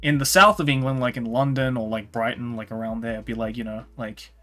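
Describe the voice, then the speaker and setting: A man's voice: mid-range voice, fairly even intonation, fairly quick, bright, forceful tone. Rambling Australian man chatting on stream. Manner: rambling, heavy on "like" and "you know". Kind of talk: casual chat.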